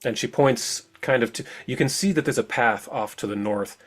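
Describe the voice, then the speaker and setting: A man's voice: medium pitch, normal speed, a bit bright, soft background music. Man running a tabletop game. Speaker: game master.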